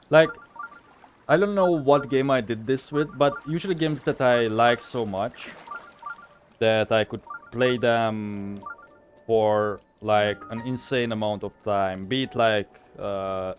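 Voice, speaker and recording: A young man streams a game and rambles through his thoughts as he plays, full of fillers and loose asides. His voice sits fairly low. Faint music plays under him. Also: fairly even intonation, slow. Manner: rambling, thinking aloud with fillers. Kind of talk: casual live game commentary.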